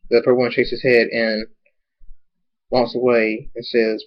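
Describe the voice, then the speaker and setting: A man's voice: mid-range voice, completely flat delivery, unhurried, highs cut off. A man reading a story aloud in an amateur style, often stumbling and repeating words.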